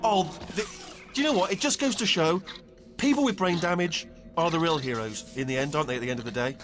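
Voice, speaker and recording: A man's voice: a little high, fast, faint music behind, natural voice. A man voicing a jittery robot core. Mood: excited. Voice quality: excitable, rambling, exclamatory. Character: chatty nervous male robot personality core. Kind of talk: video game voice acting.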